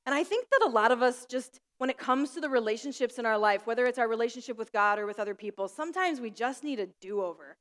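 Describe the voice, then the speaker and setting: A woman's voice: a little high, animated, fast talker, few pauses, big-room sound. A young adult woman pastor giving a prayer and sermon in a school room, telling stories with light laughter. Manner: warm storytelling with light laughs. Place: school room used for church.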